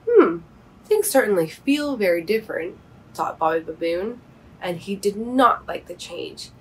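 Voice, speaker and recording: A woman reading a picture book aloud to children, with gentle, expressive storytelling. Her voice sits mid-range and has a soft, breathy edge. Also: medium pitch, poor audio. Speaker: storybook reader and author.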